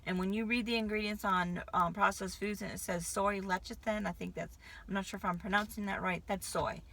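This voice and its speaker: A vlogger in her fifties from Connecticut, with a light Southern drawl, chats casually to camera in a rambling, hyper way, jumping from thought to thought. Her mid-range voice is gravelly and a bit bright, with a steady tone and brisk delivery.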